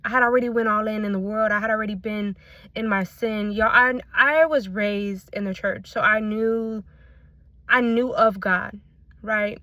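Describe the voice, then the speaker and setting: A woman's voice: mid-range voice, fairly even intonation, normal speed, pushed and bright, no echo. A woman giving a fervent personal faith testimony to her viewers, repeating phrases and calling them y'all, speaking into a phone she holds in her hand. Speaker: faith content creator. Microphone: phone held in hand.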